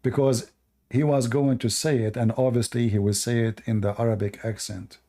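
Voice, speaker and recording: A man's voice: mid-range voice, fairly even intonation, moderate pace, dark tone. A man hosting a live call-in debate, mocking and scornful toward the caller. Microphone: online call.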